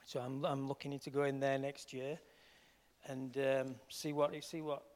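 A man with a Yorkshire accent, a healing minister giving an earnest personal testimony, shifting between soft and emphatic. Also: medium pitch, level tone, measured pace, big-room sound.

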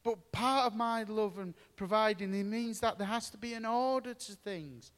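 A man preaching a sermon, earnest and deliberate, mixing Bible reading with storytelling. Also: sits high, a bit bright, in a large hall. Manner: earnest, slow and pausing, with storytelling asides.

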